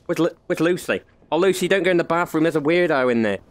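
A man's voice: on the high side, expressive, fast talker, no room sound. A young man giving crude, joking commentary while playing a VR horror game. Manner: joking, crude banter, frequent laughs. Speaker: gaming video host. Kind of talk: comic let's-play commentary.

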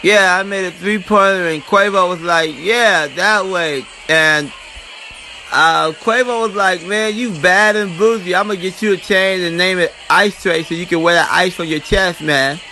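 A brash man trash-talks his way through comedy voice-overs in a high, bright voice. Faint noise sits under it. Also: steady tone, moderate pace, faint music behind. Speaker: comedy voice-over artist. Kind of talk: comic voice-over dubbing.

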